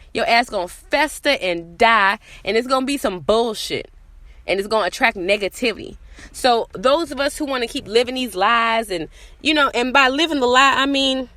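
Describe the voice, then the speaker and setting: A woman's voice: a little high, bright, forceful tone, no room sound. A woman hosting a solo podcast outdoors, talking bluntly and profanely and hammering home rhetorical questions. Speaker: podcast host. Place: outdoors in morning sun.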